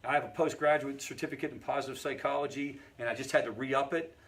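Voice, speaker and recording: A man's voice: medium pitch, steady tone, quick pace. Man teaching a support group. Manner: engaging, checks in with the audience often; conversational, storytelling asides. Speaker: family recovery group facilitator.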